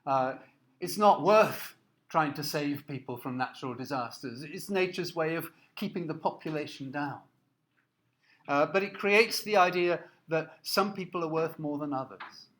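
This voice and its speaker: A man giving a recorded lecture, explaining slides in a halting way with many fillers and restarts. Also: on the high side, a bit bright. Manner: explanatory, asks listeners to look at slides.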